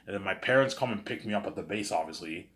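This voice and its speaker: A man with a fairly low voice tells a story off the cuff and plays every part himself. He keeps circling back with "you know what I'm saying" and repeats words while he thinks. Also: quick pace, fairly bright tone. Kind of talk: rambling spoken storytelling.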